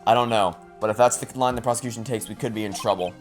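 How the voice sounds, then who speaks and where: A man's voice: lowish voice, quick pace, faint music behind. Man reading game dialogue aloud. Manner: playful, joking asides. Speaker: let's play gamer.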